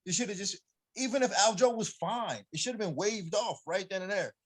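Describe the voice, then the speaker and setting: A man's voice: high voice, a little fast. A man talking as a podcast guest, an MMA coach, in casual chat, heated and emphatic, laughing when he gets fired up.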